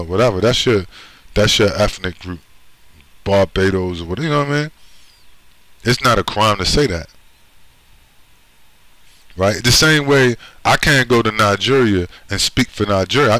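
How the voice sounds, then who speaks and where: A man's voice: on the low side, lively intonation, moderate pace, long pauses, fairly bright tone, no room sound, poor audio. A man from the United States in a blunt, profane monologue who keeps checking in with "right?" and "you see?". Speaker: video commentator. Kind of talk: emphatic monologue.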